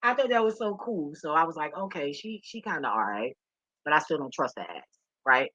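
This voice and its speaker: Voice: medium pitch, animated, fairly quick, bright, forceful tone, husky, no echo, muffled recording. A vlogger talking straight to viewers in a rambling, profane and emotional way. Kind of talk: candid monologue to viewers.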